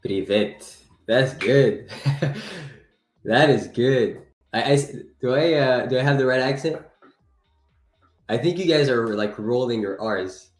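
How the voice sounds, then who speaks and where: A man's voice: medium pitch, animated, slow pace, long pauses, reverberant, soft background music. A man whose first language is French, hosting a live trading stream and chatting playfully with viewers. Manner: chatty, playful, reacts to chat with laughs.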